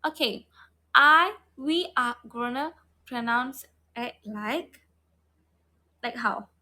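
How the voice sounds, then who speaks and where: A woman's voice: fairly high pitch, takes it slowly, sharp tone. A woman teaching phonics online, repeating each sound over and over and checking in with the learner. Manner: models mouth shape and breath for learners.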